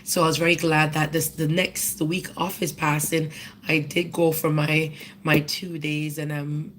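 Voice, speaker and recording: A woman's voice: low voice, little pitch movement, a little slow, fairly bright tone, slight background noise, rough recording. A woman giving a personal tribute at a memorial service, telling stories in a chatty way and then making earnest appeals to the audience. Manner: conversational storytelling, earnest appeals.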